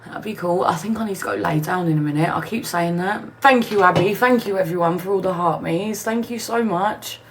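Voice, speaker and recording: A woman's voice: fairly low pitch, fairly quick, hardly any pauses, a little hiss or hum. A woman chatting casually on a live stream from her new home, rambling and answering viewer comments aloud.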